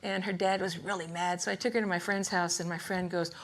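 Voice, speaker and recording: An older woman giving a rambling, humorous artist lecture to a live museum audience, chatty and quick to laugh. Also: on the low side, level tone. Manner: chatty, laughs often, self-interrupting. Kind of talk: rambling humorous storytelling talk.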